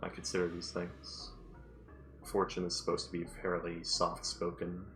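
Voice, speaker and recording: A man's voice: low voice, monotone, normal speed, fairly bright tone, faint music behind. A man running a tabletop game as game master, chatting casually in a rambling, self-deprecating way.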